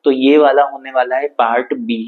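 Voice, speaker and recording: A man, a teacher reading exam questions and answers aloud, halting and correcting himself along the way. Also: medium pitch, fairly even intonation. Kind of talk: exam quiz walkthrough. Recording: dull lo-fi sound.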